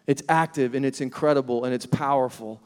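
A man's voice: medium pitch, brisk, smooth. A man in his thirties preaching, telling a funny family story and laughing at himself. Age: 30s. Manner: lively storyteller, laughs at himself, acts out quotes. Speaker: pastor. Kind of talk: sermon with humorous personal story. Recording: long reverb of a large hall.

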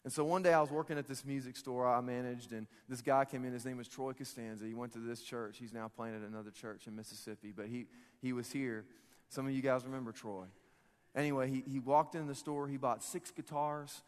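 A man in his thirties, a pastor preaching a sermon, telling a personal story in an animated, joking way and often laughing. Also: mid-range voice, brisk. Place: large church hall. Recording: long reverb of a church hall.

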